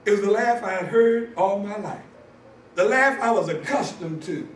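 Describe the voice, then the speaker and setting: A man telling a story as a conference speaker, sermon style, animated and often shouting for emphasis. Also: high-pitched, moderate pace, slight background noise. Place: church conference hall. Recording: echoey hall from far off.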